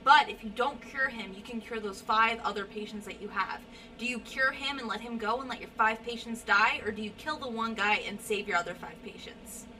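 Woman, playful casual chat, bright, lively voice, off the mic with faint room ambience. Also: fairly high pitch, brisk, distant mic, a little hiss or hum, poor audio. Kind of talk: casual chat, posing a moral dilemma.

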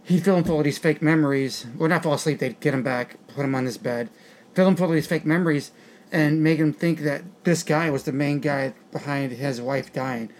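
Guy rattling off a movie plot super quick, kinda high voice, rambly and crude. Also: darkish tone, a little hiss or hum. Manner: rambling, crude jokes, bursts of laughter. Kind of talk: casual movie discussion chat.

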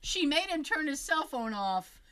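A woman telling a story in a casual chat, animated and acting out the voices of the people in it, with frequent fillers and restarts. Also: sits high, unhurried, poor audio. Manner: animated, acts out quoted voices.

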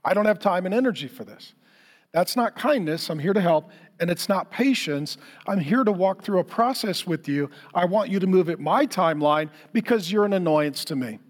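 A middle-aged man preaching a sermon as a pastor, telling lively stories and speaking straight to the congregation with questions. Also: high-pitched, moderate pace, hardly any pauses. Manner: lively storytelling, acts out quotes for humor; addresses the congregation directly with questions.

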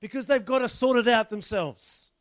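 High-voiced pastor preaching. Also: male voice, moderate pace, no echo. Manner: chatty, explains the text and asks the congregation rhetorical questions. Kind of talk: conversational sermon.

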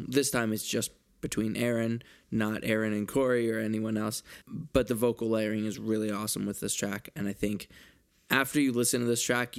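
A man co-hosting a music podcast, with a gravelly, vocal-fry edge to his voice. He sounds upbeat and enthusiastic, explaining things in plain terms for listeners. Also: mid-range voice. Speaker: podcast co-host. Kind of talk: casual music review chat.

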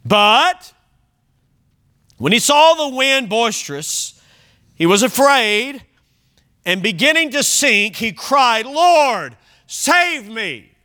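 A man's voice: extremely high pitch, big pitch swings, slow pace, pauses often, sharp tone, clear, resonant tone. A man preaching a sermon as pastor, reading scripture with emphasis, chuckling and turning to the congregation with asides. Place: church sanctuary.

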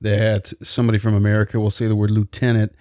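A man's voice: lowish voice, monotone, racing, dark tone, dry recording, studio quality. A man in casual chat, a co-host who jumps in with jokes and laughs along. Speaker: podcast co-host.

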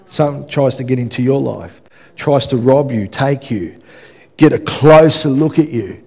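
A male pastor, preaching a sermon and telling an animated story, acting out the dialogue and often checking in with "yeah?". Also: medium pitch, unhurried, gravelly, breathy edge. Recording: reverberant hall.

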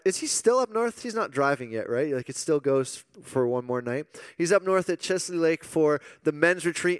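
A man's voice: fairly high pitch, a bit bright, clear, resonant tone, dry recording. A man, an assistant pastor opening a sermon in a chatty, joking way. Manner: chatty, informal, jokey, many fillers. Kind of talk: casual sermon.

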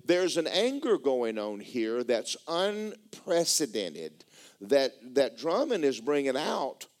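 A man preaching a sermon, reading scripture aloud and breaking in with lively comments and stumbling restarts. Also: medium pitch, slow pace. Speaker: pastor.

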